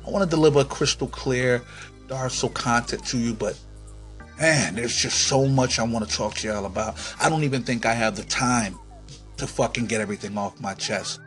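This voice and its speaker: Guy on his podcast ranting hard, lots of swearing, yells then drops to a grumble, faint music under it. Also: mid-range voice, moderate pace. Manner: profane, swings from yelling to muttering. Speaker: podcast host. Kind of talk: comic rant.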